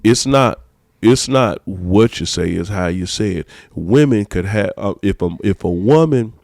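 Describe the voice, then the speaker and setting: A man's voice: lowish voice, animated, measured pace, gravelly, a little mellow, dry recording, clean studio sound. A man, a pastor hosting a podcast, preaching emphatically in casual talk and repeating his phrases.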